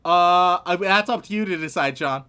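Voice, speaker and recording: A man's voice: sits high, normal speed, sharp tone, smooth. A man co-hosting a casual comedy podcast, wry and profane as he hands out jokey tasks. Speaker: podcast co-host.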